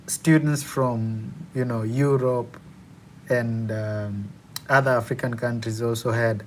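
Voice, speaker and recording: Slow-talking Kenyan man hosting a livestream. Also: medium pitch, a little hiss or hum. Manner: chatty, laughs often between words. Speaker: student and live-stream host. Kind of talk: casual live Q&A chat.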